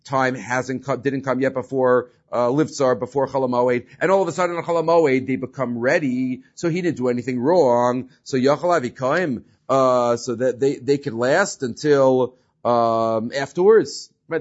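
A man's voice: medium pitch, normal speed. Guy giving a talmud shiur, keeps asking "right?", bit dull lo-fi sound. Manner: explains step by step, often asking "right?"; mixes English with Hebrew and Aramaic terms. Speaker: Talmud teacher. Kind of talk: Talmud class lecture. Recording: slightly dull lo-fi recording.

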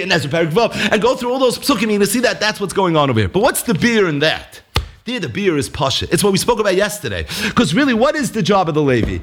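A man's voice: high-pitched, fairly bright tone. A man teaching a Torah lesson, asking and answering his own questions, repeating points for emphasis and chanting sources in a sing-song. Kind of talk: lively Talmudic lecture.

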